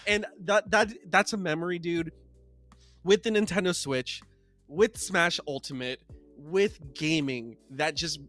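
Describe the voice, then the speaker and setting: A male podcast co-host telling gaming stories in casual chat, animated and getting loud when excited. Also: on the high side, unhurried, faint music behind.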